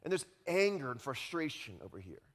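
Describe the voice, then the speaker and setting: A man preaching a sermon as pastor, speaking in a conversational, animated way and often checking in with the congregation. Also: a little high, fairly quick. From Utah. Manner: conversational, animated, often tags lines with "right?".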